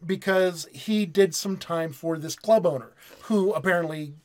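A man in a casual movie review chat, walking through the plot with heavy swearing and quick acted-out quotes. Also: sits high, darkish tone. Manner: profane storyteller who acts out characters' lines.

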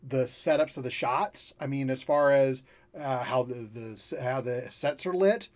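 A man in casual movie talk, measured and analytical, with frequent halting restarts. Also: medium pitch.

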